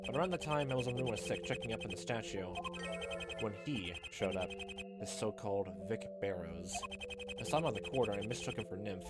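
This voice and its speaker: A man's voice: fairly low pitch, brisk, lightly acted. A man voicing a subdued male art dealer giving a resigned confession, over game music.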